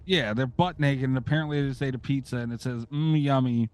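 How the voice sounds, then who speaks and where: A man's voice: mid-range voice, fast talker, no echo. A middle-aged man hosting a podcast, chatting casually, ranting sarcastically and swearing freely. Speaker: podcast host.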